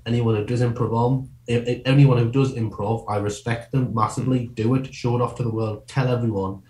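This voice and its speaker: A man talking as a comedian guest in a casual interview, quick and rambling, often breaking off and restarting his sentences. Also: medium pitch, a little mellow, echoey room.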